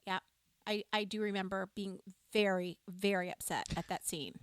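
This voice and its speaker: A woman's voice: mid-range voice, steady tone, moderate pace, clean tone, dry recording. Woman, co-host, enthusiastic storyteller, dry close sound. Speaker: livestream music show co-host. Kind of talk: casual chat with live viewers.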